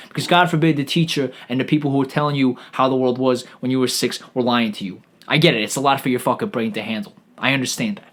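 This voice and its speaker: A man's voice: mid-range voice, quick pace. A man hosting a comedy podcast, delivering a sarcastic, profane rant that rambles along with frequent stammered restarts.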